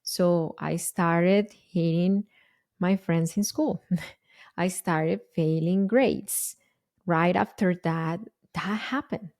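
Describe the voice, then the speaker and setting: Earnest woman host, unhurried and mellow, explains parenting ideas patiently. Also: fairly low pitch, steady tone. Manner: earnest, slow and deliberate, with frequent restarts. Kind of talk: conversational explanation.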